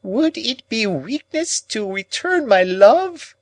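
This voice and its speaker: A man's voice: very animated, slow, no room sound, full character voice, poor audio. Miss Havisham, a shrieking old woman, voiced by a man. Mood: anguished. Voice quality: high, strained, wailing. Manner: moaning, dragged-out lament. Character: old anguished jilted woman, wild and shrieking. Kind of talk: audiobook character reading.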